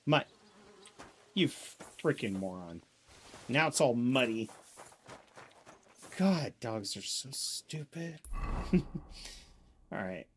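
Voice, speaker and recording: A man's voice: mid-range voice, animated, slow pace, long pauses, a little hiss or hum. A man giving casual, joking gameplay commentary, chatting to himself and to the game as he plays. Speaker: gameplay streamer.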